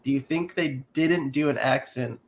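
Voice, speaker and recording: A man's voice: medium pitch, normal speed. A man co-hosting a podcast, talking in rambling, hesitant casual chat. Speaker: podcast co-host.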